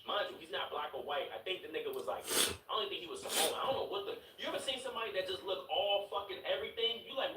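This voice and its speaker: A young man from Chicago tells a story to his live chat. His voice is bright and swings widely in pitch, full of profanity and stumbling repeats. It sounds roomy, as if the mic sits some way back from him. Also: quick pace, far from the mic, a little hiss or hum. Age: 20s. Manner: animated, profane, repeats words and laughs while telling the story. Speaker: streamer.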